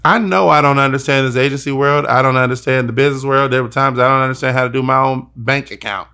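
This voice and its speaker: A man's voice: medium pitch, fairly even intonation, fast, sharp tone, clean tone. A young adult man hosting a podcast, talking earnestly and emotionally, often repeating words as he searches for them. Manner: earnest, repeats himself when moved. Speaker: podcast host. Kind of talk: emotional personal conversation.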